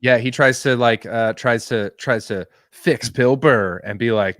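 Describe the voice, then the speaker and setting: A man's voice: medium pitch, fairly even intonation, normal speed, few pauses, a bit bright, dry recording, clean studio sound. A man co-hosting a casual comedy podcast, giving blunt, wry opinions and laughing often.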